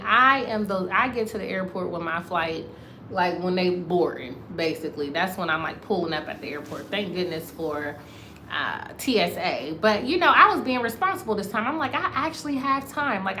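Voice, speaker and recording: Woman from the US, animated storytelling, bright tone, echoey room. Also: mid-range voice, slight background noise. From United States. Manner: animated, addresses viewers as y'all. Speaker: vlogger. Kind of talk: casual storytelling to viewers. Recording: roomy echo, faint ambience.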